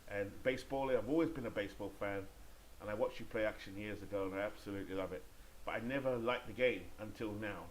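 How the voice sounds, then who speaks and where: A man's voice: on the low side, slight background noise, rough recording. A man with a British accent doing enthusiastic play-by-play commentary on a simulated baseball game, chatting to viewers between plays.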